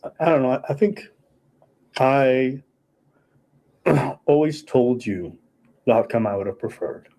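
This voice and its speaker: A man recounting a relationship conflict in a hesitant, measured way. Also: mid-range voice, expressive, mellow, poor audio. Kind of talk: personal account.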